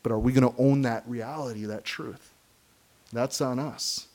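A middle-aged man preaching a sermon, earnest and emphatic, breaking into short laughs and quick asides. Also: mid-range voice, steady tone, darkish tone. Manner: acts out quoted voices of kids and believers. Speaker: pastor.

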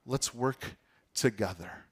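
A man's voice: mid-range voice, slow pace, husky. A man preaching a casual, conversational sermon to his congregation, often asking them questions and laughing at himself. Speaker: pastor.

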